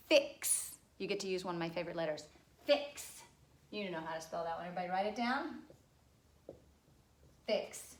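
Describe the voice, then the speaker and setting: A woman's voice: mid-range voice, reverberant, a little hiss or hum. A woman teaching second graders a spelling lesson, patiently sounding out and spelling words letter by letter. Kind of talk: spelling lesson for young children.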